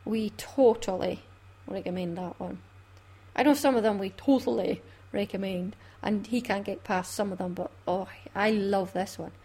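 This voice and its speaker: A woman's voice: medium pitch, moderate pace, mellow, breathy edge. A Scottish woman hosting a craft podcast in a chatty, laughing way. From Scotland. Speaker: podcast host. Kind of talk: casual chat.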